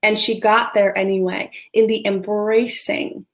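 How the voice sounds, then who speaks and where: A woman in her thirties, a love coach giving an earnest motivational talk, slowing down to stress key words. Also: mid-range voice, level tone.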